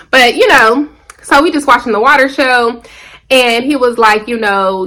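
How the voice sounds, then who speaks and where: Bright-voiced woman vlogger telling a story. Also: a little high, fairly quick. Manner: chatty, animated storytelling with lots of fillers. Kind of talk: casual storytelling vlog.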